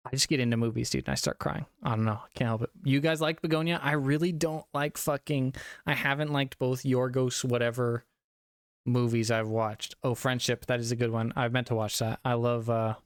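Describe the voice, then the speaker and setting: A man's voice: medium pitch, flat delivery, normal speed, clear, resonant tone, no echo, clean studio sound. A young man streaming a casual movie review, a little tipsy from drinking, rambling and swearing with frequent laughs. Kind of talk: casual live-stream chat.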